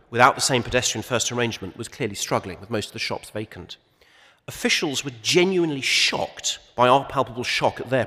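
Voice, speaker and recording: Male panel chair, wry and measured, recorded in a large reverberant hall. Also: medium pitch, sharp tone. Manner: measured, wry, with many restarts and asides. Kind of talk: conference opening speech.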